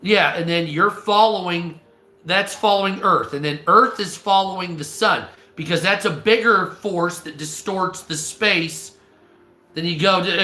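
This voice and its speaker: Profane ranting man, high bright voice. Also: unhurried, echoey room. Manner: profane, exasperated, restarts and stammers. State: throat-clearing, coughing. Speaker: streamer. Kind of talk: casual live-stream rant.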